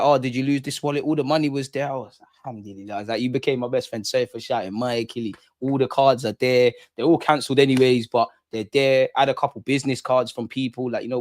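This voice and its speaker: A man's voice: medium pitch, no room sound, clean studio sound. A young man with a London accent, casually chatting on a livestream, slangy and laughing as he reads viewer comments. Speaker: livestream host. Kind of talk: casual live chat reading viewer comments.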